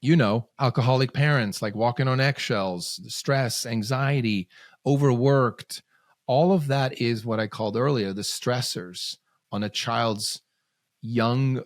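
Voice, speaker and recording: A male parenting coach, appearing as a podcast guest, talks with earnest intent in a relaxed exchange, frequently repeating himself as he gathers ideas. The medium-pitched voice is clean, studio-recorded and free of room sound.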